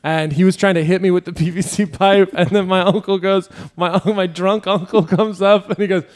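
A man's voice: sits high, fairly even intonation, normal speed. A man from Mississippi co-hosting a podcast, telling childhood stories with lots of laughter and swearing. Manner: laughing storyteller, swears freely. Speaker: podcast co-host. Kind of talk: casual chat.

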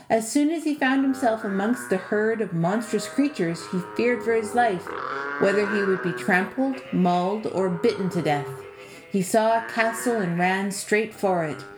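A woman's voice: medium pitch, moderate pace, music in the background. Brief: woman podcast narrator, lilting fairy-tale delivery, roomy recording. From Canada. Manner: lilting, expressive storytelling. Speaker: storyteller and podcast author. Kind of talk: scripted fantasy narration. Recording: echoey room.

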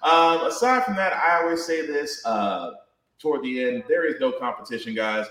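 A man's voice: a little high, normal speed. Joking man on an echoey podcast. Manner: animated, joking, trash-talking. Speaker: podcast guest and wrestling columnist. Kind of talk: casual podcast chat.

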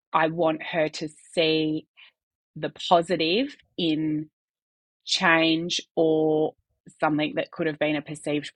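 A woman's voice: low voice, dry recording. A woman, a podcast guest talking candidly in earnest bursts with some restarts.

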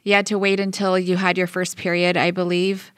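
Low-voiced woman interviewer, dry sound. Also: flat delivery, a little fast, clear, resonant tone, no room sound. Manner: probing, recaps before asking. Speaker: interviewer host. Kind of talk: interview questions.

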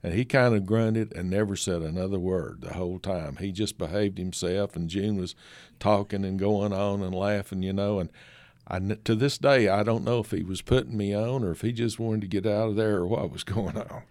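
A man's voice: fairly low pitch, steady tone, normal speed, a little mellow, no echo. An older man, a photographer, telling folksy stories as a guest in a conversation. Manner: folksy, anecdotal, many fillers. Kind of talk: storytelling in conversation.

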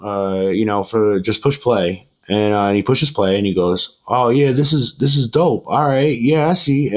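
Podcast host guy just talking, rambly and casual, lots of "like" and restarts, gets animated doing other people's lines. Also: fairly low pitch. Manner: rambling, many restarts and fillers; animated when quoting others. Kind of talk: casual storytelling chat.

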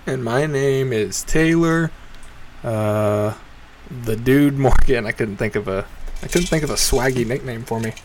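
A man in his twenties hosting a show, telling a crude, rambling, profane comedic story with sudden loud jumps in pitch for emphasis. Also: measured pace, slight background noise. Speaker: podcast host. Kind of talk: casual comedic monologue.

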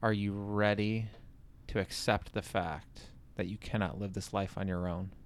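Slow, gravelly-voiced male podcast host. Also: lowish voice, level tone. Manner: slow, thoughtful, earnest reflection. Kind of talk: casual interview chat.

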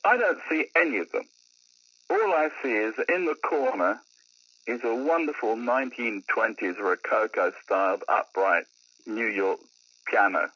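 Older man, lively husky storyteller, podcast guest, lo-fi dry sound. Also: mid-range voice, unhurried, no echo. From London. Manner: animated raconteur. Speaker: podcast guest, musician and comedian. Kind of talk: anecdotal storytelling in casual chat.

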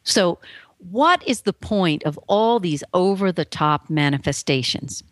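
A woman guest telling her story on an interview show, earnest and emphatic, acting out the voices she quotes with big pitch swings. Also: animated, a little slow, dry recording. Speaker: guest author. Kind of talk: animated personal storytelling.

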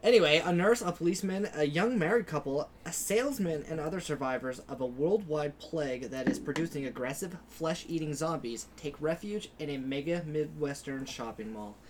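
A man's voice: on the high side, a little fast, hardly any pauses, slight background noise. A man hosting a casual horror movie podcast, joking loosely with friends and reading from his phone. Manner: loose, jokey, reads from phone. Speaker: podcast host. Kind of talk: casual group banter.

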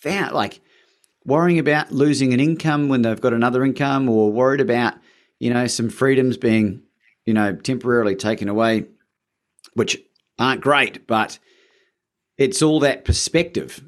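A man's voice: mid-range voice, normal speed. A man hosting an interview, enthusiastic and encouraging, with some hesitations. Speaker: podcast host. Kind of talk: interview conversation.

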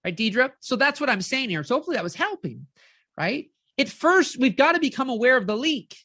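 A woman life coach giving an energetic live-streamed motivational talk, keeps checking in with her audience and acts out inner voices. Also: high voice, brisk, no echo, studio quality.

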